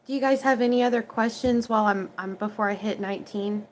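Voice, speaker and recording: A woman under forty with an Oklahoma accent, working as an online Bible reader, reads King James scripture aloud, retells it in everyday slang, and chats with her viewers, answering their questions in a chatty way. Her voice is a little high and her pace quick. The recording is rough, with a slight hiss or hum.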